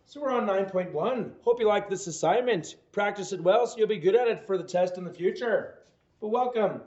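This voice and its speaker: A man with a high, light voice walks through a math homework lesson, quizzing the listener with playful, jokey asides. He sounds brisk and a little mellow, with lively intonation. The recording is dull, lo-fi, and echoey.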